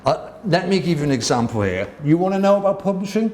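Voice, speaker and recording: A man's voice: a little high, quick pace, background noise. Guy in his 60s spinning yarns, laughs a lot, echoey room. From Wirral, England. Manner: animated, laughing, swearing raconteur. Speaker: guest artist. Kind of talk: casual storytelling interview. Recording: roomy echo.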